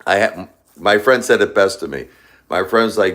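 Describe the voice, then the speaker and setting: A man's voice: deep voice, animated, normal speed, a bit bright. A man in his forties hosting a live stream alone at home, grieving and talking in a rambling, repetitive, confessional way. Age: 40s. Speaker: livestream host. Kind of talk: live-stream talk to viewers.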